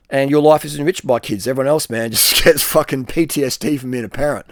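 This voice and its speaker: A middle-aged man with a blunt, profane manner, giving advice in a rambling casual monologue, often trailing off on a low, quiet word. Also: fast talker, few pauses, dry recording, clean studio sound.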